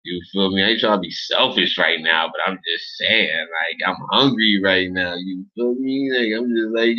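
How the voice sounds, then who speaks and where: A man's voice: lowish voice, lively intonation, moderate pace. Rambling, profane man on a lo-fi stream. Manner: rambling, profane, streetwise slang. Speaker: livestream host reading viewer chat. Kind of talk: casual unscripted chat. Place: indoors in Los Angeles. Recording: dull lo-fi stream audio.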